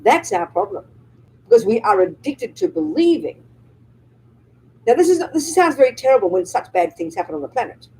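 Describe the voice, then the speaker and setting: A woman's voice: high-pitched, very animated, moderate pace, mellow, slightly rough, poor audio. A woman Buddhist nun giving a live dharma talk, speaking emphatically and often checking with the audience through rhetorical and tag questions.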